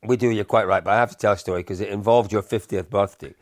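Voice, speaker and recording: An older man, telling lively anecdotes in a casual podcast chat, often laughing and repeating himself. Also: lowish voice, quick pace, dry recording, clean studio sound. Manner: animated anecdotes with frequent laughs and repetitions. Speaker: podcast co-host.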